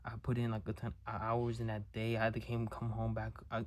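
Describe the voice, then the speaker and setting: Emotional young man, halting confession. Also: on the low side, completely flat delivery. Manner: raw, halting, repeats words, swears often. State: emotional, near tears. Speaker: vlogger. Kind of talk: confessional monologue to camera.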